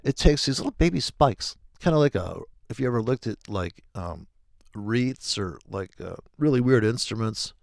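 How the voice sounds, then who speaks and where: A middle-aged man rambles through a loose, profane trading monologue. His voice is gravelly and his pitch leaps around as he jokes. The sound is dry and close, with no room echo. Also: lively intonation, normal speed. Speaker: forex trading video host.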